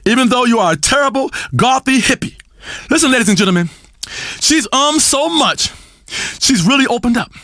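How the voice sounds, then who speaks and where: A shrill, manic radio health guru. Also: male voice, lively intonation, moderate pace, no room sound, studio quality, full character voice. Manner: theatrical, ranting, swings between crooning and shouting. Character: flamboyant erratic male radio health guru. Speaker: radio talk show host. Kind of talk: comedic radio show acting.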